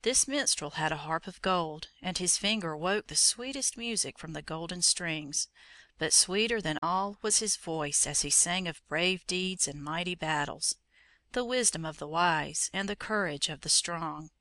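Measured storybook reader, crisp bright tone, close dry recording. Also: mid-range voice, no echo. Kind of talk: storybook narration.

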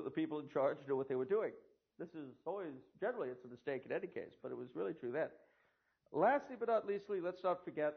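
A man's voice: fairly high pitch, creaky. An older American man giving a history lecture to an audience, with sardonic, dry asides. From United States. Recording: tinny phone-like lo-fi recording.

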